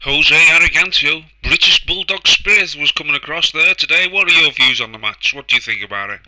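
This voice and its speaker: A man's voice: fairly high pitch, a little fast, pushed and bright, rough recording. A man hamming up a pompous foreign football boss. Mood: mock-pompous. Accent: put-on foreign accent. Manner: mock-serious, swaggering, swears casually. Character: pompous foreign male football manager, boastful and rude.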